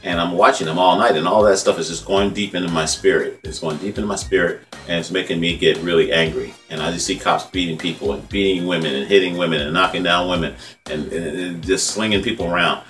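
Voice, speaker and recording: Male vlog host, 50s, from California: rambling heartfelt commentary, low voice, quick delivery, set back from the mic with faint music under it. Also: fairly even intonation, fairly bright tone, far from the mic. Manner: conversational, repetitive, heartfelt, says "man" often. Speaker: independent journalist and vlog host.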